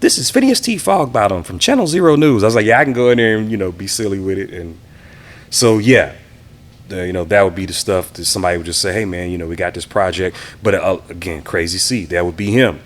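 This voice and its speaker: A man from the Houston area with a very low voice sits for a casual interview. He reminisces in a relaxed, easygoing way and slips into quoting the people he talks about. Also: fast. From Houston area, Texas. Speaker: interview guest, DJ and producer.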